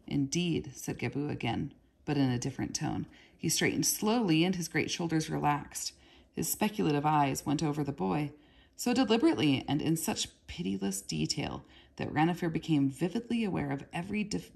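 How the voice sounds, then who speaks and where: A woman reading a novel aloud in a steady, measured storytelling voice. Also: sits low, vocal fry, breathy edge. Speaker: reader.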